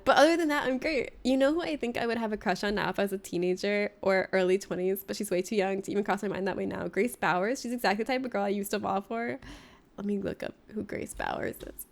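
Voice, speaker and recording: Florida girl streaming and chatting w chat, giggly storyteller, kinda high voice. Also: gravelly. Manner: chatty, laughs often while telling stories. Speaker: livestreamer. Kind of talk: casual chat with viewers during a game stream.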